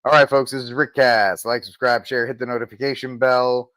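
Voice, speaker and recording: A man hosts a podcast from the road on a mobile setup with spotty reception, his medium-pitched, fairly bright voice flat and brisk, with no echo. He reads news headlines aloud in casual commentary, cutting in with sarcastic asides.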